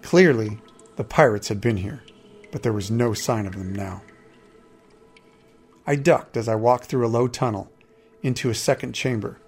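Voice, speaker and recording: A man narrating a first-person fantasy story in a steady, measured storytelling manner. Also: medium pitch, slightly rough, faint music behind.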